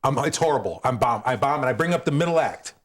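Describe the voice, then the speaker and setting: A middle-aged man, a guest comedian, telling animated stories in an interview, acting out voices and laughing as he goes. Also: medium pitch, fast talker. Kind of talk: storytelling in an interview.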